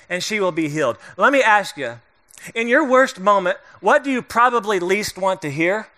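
Bright-voiced, joking male preacher. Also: sits high, animated, normal speed. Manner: conversational, joking preacher who acts out voices. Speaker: pastor. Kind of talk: sermon.

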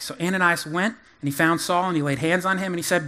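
A high-pitched male pastor preaches with animated emphasis, breaking up scripture with folksy asides. His voice pushes up in pitch and volume when he drives a point home. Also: fast, few pauses. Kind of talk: sermon.

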